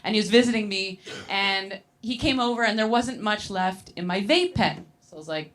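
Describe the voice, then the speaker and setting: Telling her stand-up story in a mid-range voice, this woman keeps things lively and meandering, tossing in filler words and short bursts of laughter.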